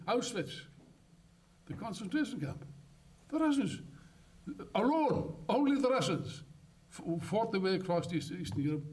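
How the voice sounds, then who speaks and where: An older man giving an impassioned, rambling congress speech, swinging from loud outbursts to muttered asides. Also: sits high, recorded from a distance. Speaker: political speaker. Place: conference hall.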